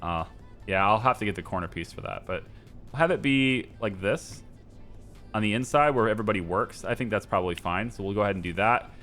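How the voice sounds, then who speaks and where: A gameplay streamer with a fairly low, bit-bright voice talks a little fast over faint music. He rambles casually as he decorates, unable to make up his mind and poking fun at himself.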